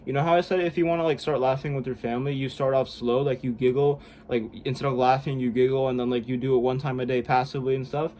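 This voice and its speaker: A man's voice: mid-range voice, steady tone, quick pace, few pauses, dark tone, a little hiss or hum. A young man vlogging casually and self-consciously, rambling with lots of "like" and "bro". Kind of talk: casual self-help vlog. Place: room indoors at home.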